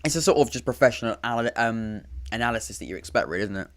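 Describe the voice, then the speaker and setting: A podcast host talks very fast in a bright, medium-pitched voice with lively intonation while hosting a live football watchalong. His casual commentary rambles, full of restarts and self-interruptions. Dry, sarcastic asides come often.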